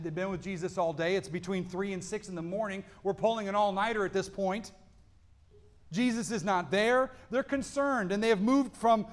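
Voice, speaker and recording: High-voiced man preaching a sermon. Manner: earnest preaching, rising to emphatic peaks and dropping to quiet lows; reads scripture aloud, then explains it. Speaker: pastor.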